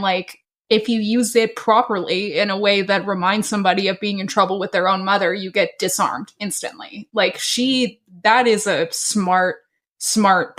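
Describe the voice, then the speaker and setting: A woman's voice: mid-range voice, a bit bright. A woman co-hosting a podcast, talking bluntly and animatedly in casual chat, swearing freely. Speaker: podcast co-host.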